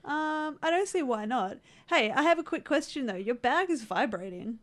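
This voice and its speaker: A woman's voice: sits high, lively intonation, normal speed. A woman playing in a live tabletop game, chatting in a playful, teasing way with frequent laughter. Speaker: player and co-host. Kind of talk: improvised tabletop role-play and casual chat.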